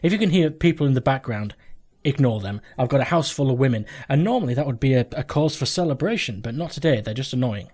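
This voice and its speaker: A man's voice: medium pitch, animated, fast talker, hardly any pauses, a little mellow. A man hosting a let's play from home, rambling through game commentary, joking and swearing casually as he goes.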